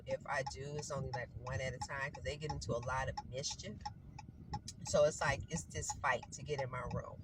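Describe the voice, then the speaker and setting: A woman vlogger with a stuffy nose from a cold, chatting casually and rambling to her viewers while out on errands. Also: sits low. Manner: rambling, chatty, self-correcting. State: congested with a cold. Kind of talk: casual chat to camera. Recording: noisy vehicle background.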